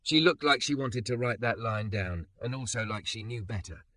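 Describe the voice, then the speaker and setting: A man narrating a scripted story in an even, measured reading. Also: medium pitch.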